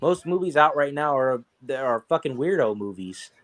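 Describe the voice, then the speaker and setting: A man co-hosting a casual podcast chat, rambling and swearing as he tells stories in an animated way. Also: medium pitch, normal speed. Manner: profane, rambling, animated storytelling. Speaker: podcast co-host.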